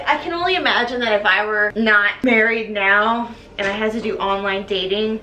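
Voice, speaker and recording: A woman's voice: medium pitch, moderate pace, few pauses, sharp tone, a little hiss or hum. A tipsy young woman hosting a comic plot recap, rambling and giggly with lots of slang. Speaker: host. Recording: echoey room.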